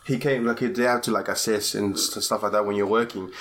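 A man's voice: on the low side, fairly even intonation, a little fast, a bit bright. Heated profane man from Peru. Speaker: podcast co-host. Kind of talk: casual chat.

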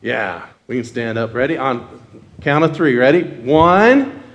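A man gives a children's message in a church sanctuary full of congregants, questioning the kids and leading call-and-response through a worn mic. His medium-pitched voice is expressive, fairly bright, and a little slow, with the recording's highs cut off.

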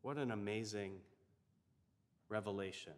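A man, a chaplain, telling a story in a reflective, measured way. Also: fairly low pitch, big-room sound. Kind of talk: storytelling sermon.

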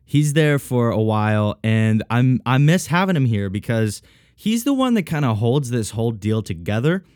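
A man's voice: mid-range voice, sing-song, normal speed, a little mellow, no echo, studio quality. Congested joking male podcast host. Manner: joking, rambling, self-mocking. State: congested, sniffly, sinus-deepened voice. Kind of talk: casual solo podcast chat.

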